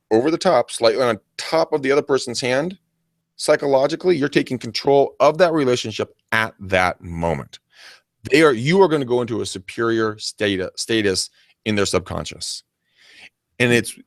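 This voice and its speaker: A man co-hosting a casual coaching chat, animated and acting out silly greetings as he talks. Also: medium pitch, creaky, dry recording, studio quality. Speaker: podcast co-host.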